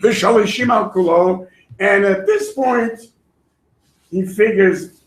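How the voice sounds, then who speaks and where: A man teaching a Torah class in an animated way, acting out voices and laughing often. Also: high voice, takes it slowly, pauses often. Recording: echoey room.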